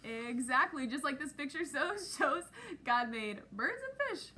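A woman's voice: sits high, big pitch swings, measured pace, bright, forceful tone, slight background noise. A woman teaching a children's Bible lesson, upbeat and encouraging, leading the kids in call-and-response. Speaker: Sunday school teacher.

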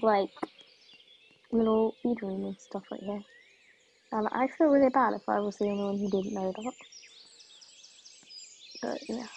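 A woman chatting casually as she vlogs, rambling along and trailing off into soft asides. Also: on the high side, breathy edge. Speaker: vlogger. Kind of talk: casual vlog chat.

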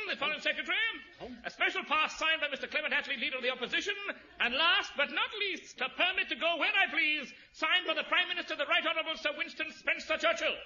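A man's voice: extremely high pitch, sharp tone, exaggerated voice. An actor playing a pompous, grandiose heroic barrister who declaims his lines, in 1950s radio comedy style. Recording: old lo-fi radio recording with hiss.

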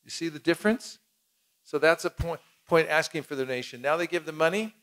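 A man's voice: on the high side, a little fast, fairly bright tone. A man leading a teaching seminar, talking casually and acting out demonstrations. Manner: casual, demonstrative, plain-spoken.

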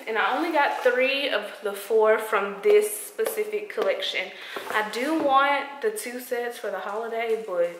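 Woman, casual home vlog, gushing and chatty, higher voice, roomy echo. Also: a little hiss or hum. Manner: excited, gushing, talks straight to viewers. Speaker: vlogger.

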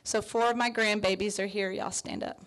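A woman in her fifties accepts an award, her mid-range voice warm with feeling as she fights back tears. She thanks everyone with soft laughs and plenty of "um"s, sincere and unpolished. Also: mid-range voice, steady tone, moderate pace, slight background noise. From Texas. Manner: heartfelt, tearful, with soft laughs and fillers. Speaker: award honoree. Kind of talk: emotional acceptance speech.

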